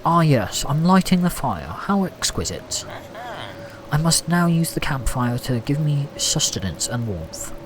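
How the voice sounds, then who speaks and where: A man's voice: a little high, sing-song, background noise. A man putting on a pompous, posh upper-class voice while lighting a fire in a game. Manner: pompous, drawn-out.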